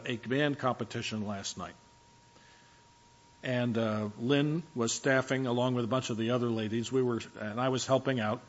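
A man's voice: medium pitch, highs cut off. A man preaching a sermon in a conversational, storytelling way, with frequent fillers. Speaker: pastor.

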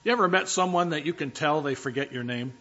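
A man's voice: on the high side, fast talker, pushed and bright. A man preaching a sermon as a pastor, talking conversationally with humorous, self-deprecating asides and frequent restarts. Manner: frequent restarts and filler words. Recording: dull lo-fi recording.

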